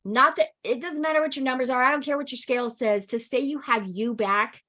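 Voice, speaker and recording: An energetic woman coaches a keto support group over a video call. She cheers her members on with firm encouragement and easy laughter, talking straight and warmly upbeat. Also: sits high, fairly quick.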